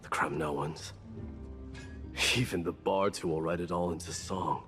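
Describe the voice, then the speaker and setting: Earnest young heir, low voice, slow, wide pitch swings, faint music. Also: male voice, fairly even intonation, a bit bright. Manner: earnest, intense. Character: young male heir refusing a crown, vengeful and earnest. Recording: game cutscene with music behind.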